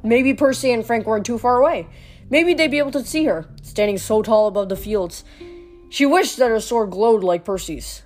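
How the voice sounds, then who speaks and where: Brief: woman narrator, steady novel reading, faint music behind. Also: on the high side, moderate pace. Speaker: audiobook reader.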